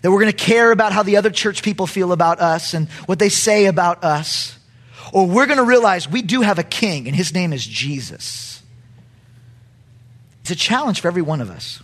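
Animated husky-voiced male preacher. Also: sits high, normal speed. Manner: animated preaching, rising to shouts at climaxes. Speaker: pastor. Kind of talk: sermon.

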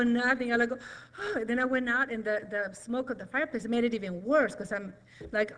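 A woman's voice: fairly high pitch, fairly even intonation, quick pace, a bit bright, low-quality recording. Nervous middle-aged woman giving testimony. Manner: nervous, rambling, emotional. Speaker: church member giving testimony. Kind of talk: personal testimony.

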